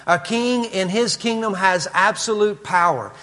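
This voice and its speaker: A man's voice: high-pitched, a little slow, bright, forceful tone, long reverb tail. A man with a Kentucky accent preaching a conversational expository sermon, with asides and frequent fillers. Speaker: pastor.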